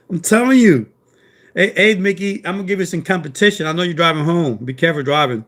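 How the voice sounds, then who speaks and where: Higher-pitched joking live stream man. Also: brisk. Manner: loud, joking, rambling, talks to chat by name. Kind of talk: casual live stream chat.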